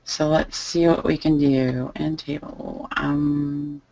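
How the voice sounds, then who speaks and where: A woman teaching a live online lesson, calmly thinking aloud as she types through each step. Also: low voice, slow pace, rough recording. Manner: relaxed, thinking aloud while typing. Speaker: online selling instructor. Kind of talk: live screen-share tutorial.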